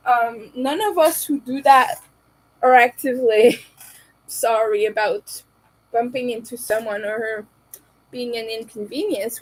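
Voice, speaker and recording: A woman's voice: on the high side, measured pace, low-quality recording. A woman from Montreal chatting casually to her live audience, candid and opinionated, often laughing between remarks. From Canada, Montreal. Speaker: livestreamer.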